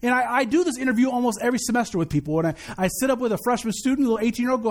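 A middle-aged man pastor preaching a sermon, an animated, joking storyteller who repeats his key points. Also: very high-pitched, rapid-fire, few pauses.

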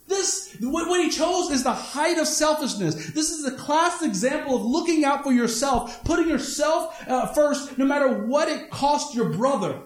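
A man preaching a sermon, mixing personal stories with scripture, swinging between high emphatic lines and low asides. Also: lively intonation, normal speed, roomy sound. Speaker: pastor.

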